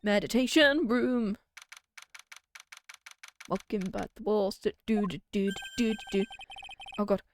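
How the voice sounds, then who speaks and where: A woman's voice: mid-range voice, flat delivery, moderate pace, dark tone, a little hiss or hum. A young British woman in her twenties, streaming a game, chatting casually and reading its dialogue aloud in voices. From Britain. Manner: chatty, joking, reads game lines in voices.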